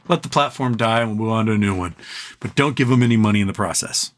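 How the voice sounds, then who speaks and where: A man's voice: fairly low pitch, normal speed, fairly bright tone. A man hosting a late-night livestream, chatting casually in a rambling, profane way and chuckling at his own jokes. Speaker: livestream host.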